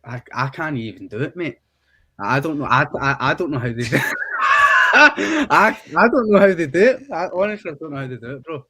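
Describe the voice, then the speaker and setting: A man's voice: medium pitch, a bit bright, no room sound, rough recording. A young Scottish man, a rapper guest in a casual interview, laid-back and slangy. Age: young adult.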